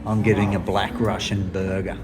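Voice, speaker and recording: A man's voice: deep voice, flat delivery, moderate pace, over a noisy crowd, rough recording. A man with an Australian accent chatting casually to camera in a vlog, blunt and slangy, swearing freely. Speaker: vlogger.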